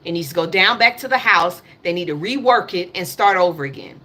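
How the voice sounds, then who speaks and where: Her voice fairly low but animated and quick, a thirty-something woman vents on a casual political livestream in African American English. The tone is pushed and bright as she curses and circles back to her points.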